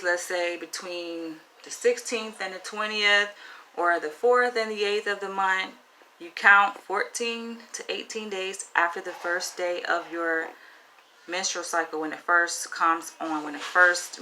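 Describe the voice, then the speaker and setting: A woman's voice: fairly low pitch, pushed and bright, a little hiss or hum, poor audio. A woman with a Southern US accent talking frankly to camera in a casual, chatty advice vlog. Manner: frank, chatty, asks "right?" often. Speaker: vlogger.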